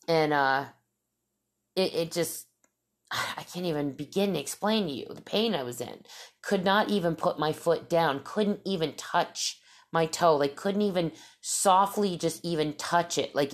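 Low-voiced middle-aged woman telling a rambling story. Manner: rambling, emphatic, with many restarts. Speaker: vlogger. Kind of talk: casual storytelling to viewers.

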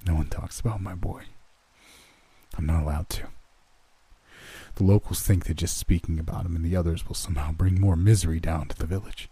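In a horror story reading, a man plays a broken old farmer who is haunted by loss and guards a secret. He speaks low and dark, with a husky edge, and his hushed voice quivers with held-back grief. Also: steady tone, a little fast, pauses often, no room sound. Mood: sorrowful.

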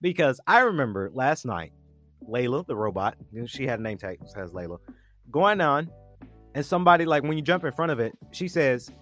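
A man's voice: mid-range voice, big pitch swings, normal speed, a bit bright, no echo, soft background music. A man co-hosting a podcast, chatting casually and enthusiastically in a review, often repeating words as he looks for the next one. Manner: enthusiastic, repeats words while reaching for them. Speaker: podcast co-host.

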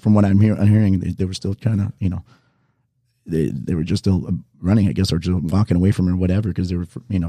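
A man's voice: sits low, dark tone, breathy edge, no echo, clean studio sound. A man in his forties from the Las Vegas area, a bartender telling casual, rambling anecdotes to viewers and correcting himself as he goes.

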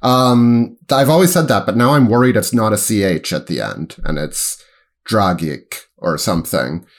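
A man's voice: on the low side, lively intonation. A man co-hosting a sports podcast in casual chat, often hesitant and correcting himself. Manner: halting, hesitant, lots of ums and self-corrections. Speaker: podcast co-host and sports writer.

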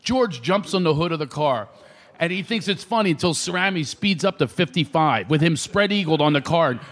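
A man's voice: fairly high pitch, moderate pace. A middle-aged male comedian from the Philadelphia area telling stories on a radio show, acting out voices and laughing often. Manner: animated storyteller, acts out voices, laughs often. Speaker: comedian guest.

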